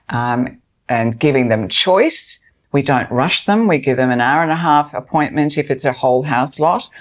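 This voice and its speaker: Low-voiced woman, lively storyteller. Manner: lively storyteller who laughs easily. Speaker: emergency relief organisation representative. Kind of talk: conversational interview.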